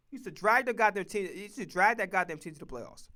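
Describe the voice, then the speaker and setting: He's a fast talker with a high-pitched, bright, forceful tone. Streaming as a sports commentator, he rants about football picks in a casual, foul-mouthed, emphatic way, circling back to the same points.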